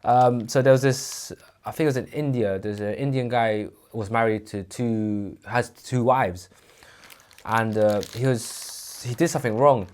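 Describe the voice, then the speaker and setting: A man co-hosting a podcast, telling a story in a casual, animated way and acting out the people in it. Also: medium pitch, unhurried. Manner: animated, acts out voices in his story. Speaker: podcast co-host.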